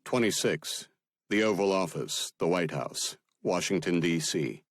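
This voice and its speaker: A man narrating an audiobook in a steady, measured manner. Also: sits low, dry recording, clean studio sound.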